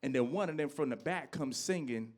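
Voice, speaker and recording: A man in his thirties does a stand-up set on a club stage, ranting with loud outbursts and slipping into low asides. He speaks briskly with lively intonation.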